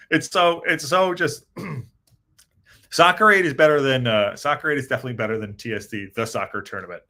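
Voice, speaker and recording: A man's voice: fairly low pitch, sharp tone. A man hosting a casual live-stream podcast, reading the chat aloud and rambling with lots of fillers and restarts. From United States.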